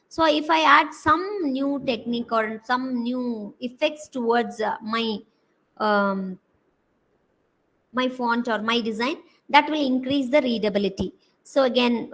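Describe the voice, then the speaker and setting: In a low-quality recording, a woman with an Indian English accent and a voice on the high side gives a university design lecture. She talks through slide examples, using many hesitant fillers.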